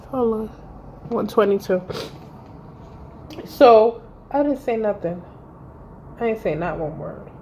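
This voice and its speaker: Brief: woman in her thirties, mid-pitched, heated profane storytime vlogger. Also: warm tone, a little hiss or hum. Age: 30s. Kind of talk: storytime vlog.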